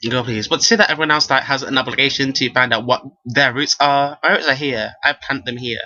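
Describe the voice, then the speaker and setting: A young British man with a sassy, animated way of talking, ranting in a casual vlog. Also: medium pitch, fast, dry recording. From Britain. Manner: sassy, animated, quotes others in mock voices. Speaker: vlogger. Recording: dull lo-fi webcam audio.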